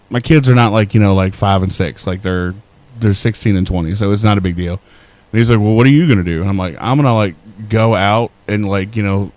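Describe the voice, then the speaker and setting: A middle-aged man with a lowish, darkish voice co-hosts a podcast, telling a rambling, profane, self-deprecating story in casual chat. There's no echo.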